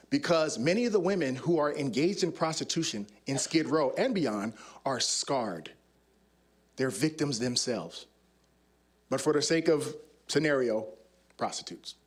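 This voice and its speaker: A former undercover officer speaking on a conference stage, telling stories and acting out the scenes. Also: male voice, a little high. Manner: demonstrative, acts out scenes. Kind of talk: animated storytelling talk.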